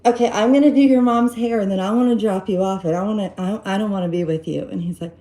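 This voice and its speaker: Female streamer, mid-pitched, animated chatty storyteller, rambles through a personal anecdote. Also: fast talker, poor audio. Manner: rambling, animated retelling with quoted dialogue. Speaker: live-stream host giving relationship advice. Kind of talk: casual storytelling to viewers.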